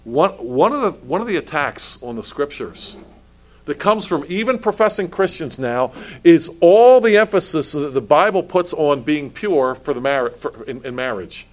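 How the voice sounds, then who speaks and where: A man's voice: on the high side, expressive, normal speed. A male pastor preaching a sermon, asking pointed rhetorical questions and stumbling over restarts as he builds his points.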